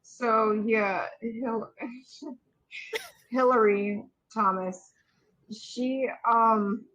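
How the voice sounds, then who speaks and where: A young woman co-hosting a podcast, chatting casually with a snarky, slangy manner and quick asides. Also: on the high side, steady tone, fairly bright tone, lo-fi sound. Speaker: podcast co-host. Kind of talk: casual gossip chat.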